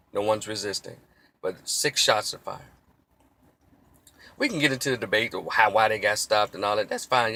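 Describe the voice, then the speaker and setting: A man delivering a heated, preachy opinion monologue as a commentator. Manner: heated, preachy, mocks quoted cops in a shrill yell.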